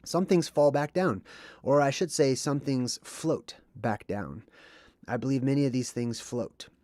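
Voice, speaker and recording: A man's voice: medium pitch, a little slow, warm tone. A man talks casually on a livestream in an ordinary mid-range voice, wandering from point to point with plenty of ums and asides. He is recorded close up with a dry, dead sound and no room echo. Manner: rambling and conversational, with frequent ums and asides. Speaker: livestream host.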